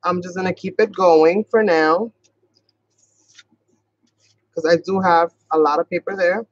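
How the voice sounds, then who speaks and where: A woman's voice: on the low side, fairly even intonation, no echo, lo-fi sound. A woman from New York with a Boston-sounding accent, chatting casually and rambling as she hosts a craft tutorial livestream. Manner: chatty, rambling, talks fast at times. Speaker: craft channel host.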